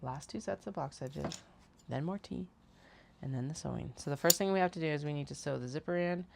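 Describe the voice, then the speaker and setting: A woman's voice: sits low, a little fast, vocal fry, background noise. A woman hosting a casual sewing livestream from a home workroom, thinking aloud and poking fun at herself. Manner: chatty, thinks aloud, self-mocking. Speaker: host, bag maker.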